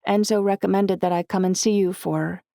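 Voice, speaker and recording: A woman voicing a teenage girl with a rough, raspy voice, earnest and anxious. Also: medium pitch, steady tone, fairly quick, dark tone, no echo, pitched above the performer's own voice, lightly acted. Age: teens. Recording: dry close audiobook recording.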